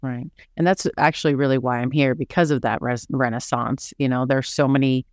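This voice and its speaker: A man's voice: medium pitch, fairly even intonation, a little fast. A man in a mid-range voice hosts a casual interview and stays engaged, steering the talk with follow-up questions. The sound is dry and close, with no room echo. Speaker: host.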